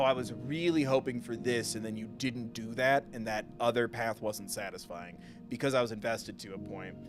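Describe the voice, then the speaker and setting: A male gaming streamer chatting casually during a live stream, venting with frustration and frequent swearing. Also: medium pitch. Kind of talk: casual live gameplay chat. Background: game music.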